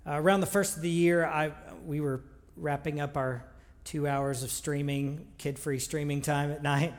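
A man's voice: on the high side, fairly even intonation, moderate pace. A man preaching a sermon in a conversational, earnest way, with frequent restarts. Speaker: pastor. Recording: long reverb of a large hall.

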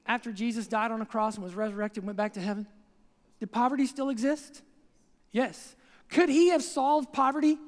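Older male pastor, very high for a man, animated sermon storyteller, long hall reverb. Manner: animated storytelling, voicing the crowd in quotes.

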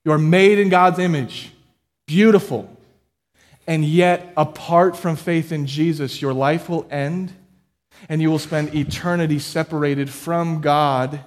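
A man preaching a sermon as pastor, building emphatically to loud peaks and dropping low again, putting questions straight to his listeners. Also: steady tone, a little slow. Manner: addresses listeners directly with questions.

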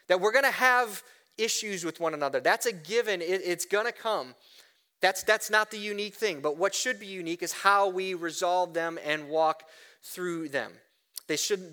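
A man preaching a sermon, animated, often asking "right?" and restarting words. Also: high voice. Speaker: pastor.

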